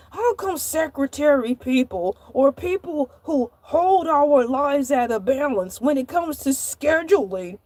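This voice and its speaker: Woman voicing Hercules, high-voiced ranting shark host. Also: a little mellow, dry recording. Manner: rambling, indignant, repeats herself. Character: Hercules, chatty male shark show host. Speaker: livestream host. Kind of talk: comedic live-stream character monologue.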